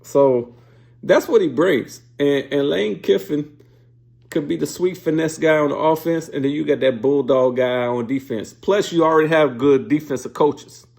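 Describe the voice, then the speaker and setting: A man's voice: fairly high pitch, moderate pace, vocal fry, a little mellow. A man hosting a sports show, giving blunt, profane, fired-up casual opinion commentary.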